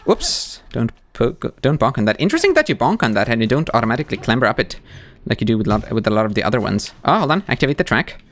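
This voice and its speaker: A male streamer commenting on his gameplay live. His pitch jumps around animatedly as he reacts and talks straight to the characters, and the voice sits in a mid register. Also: very animated, quick pace, fairly bright tone.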